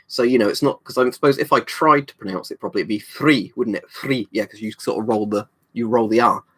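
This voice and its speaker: A man's voice: on the low side, quick pace, fairly bright tone. A British man chatting on a livestream, reading out viewer comments and rambling with many ums and restarts. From United Kingdom. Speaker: livestream host.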